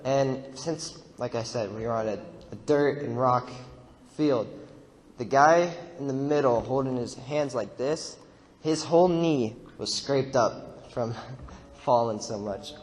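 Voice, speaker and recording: A man's voice: medium pitch, takes it slowly, big-room sound, slight background noise. A young man casually recounting a mission trip while narrating a slideshow, rambling with fillers and laughs. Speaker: mission trip member giving testimony.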